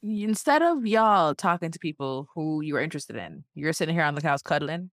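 A woman's voice: deep voice, animated, brisk, no room sound, clean studio sound. A woman co-hosting a podcast, talking bluntly and emphatically, with frequent swearing, as she recaps a reality show. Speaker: podcast co-host.

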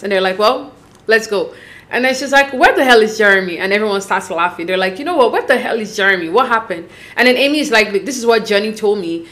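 A woman casually recapping a reality show, acting out quotes in a chatty, animated way. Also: on the high side. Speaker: recap host.

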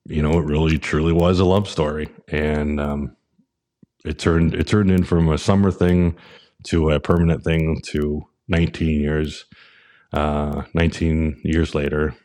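A man with an extremely low, deep voice tells a long personal story on his podcast. He rambles, circles back and fills pauses with "um" and "uh". He sounds like he is in his forties. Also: flat delivery, a little mellow. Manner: rambling, many fillers and restarts. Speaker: podcast host. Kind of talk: casual storytelling.

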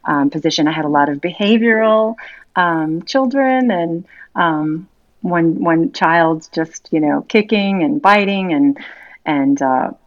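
A woman's voice: lowish voice, unhurried, no room sound. Friendly middle-aged woman, dull lo-fi sound. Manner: friendly, chatty with fillers. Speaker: podcast guest, food blogger. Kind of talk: podcast interview.

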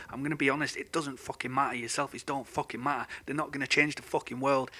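A man's voice: mid-range voice, bright, forceful tone. A man who hosts a podcast, delivering an unscripted, angry rant full of swearing. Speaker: podcast host. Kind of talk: unscripted ranting monologue.

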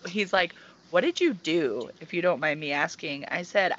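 Profane, animated woman telling stories. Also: on the low side, normal speed, highs cut off. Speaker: podcast co-host. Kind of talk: casual chat.

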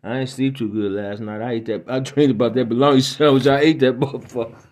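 A sleepless man, grumbling and swearing, as a man puts him on in a joke, in an ordinary mid-pitched voice. It sounds close to the teller's own voice. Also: fairly even intonation, fast talker, a little mellow, natural voice. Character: tired adult man, sleepless dreamer.

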